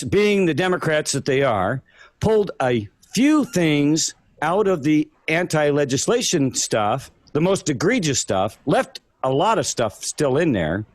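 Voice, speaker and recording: A man's voice: on the high side, dry recording. A man calling in to a talk show, venting his frustration. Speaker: caller. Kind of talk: call-in talk.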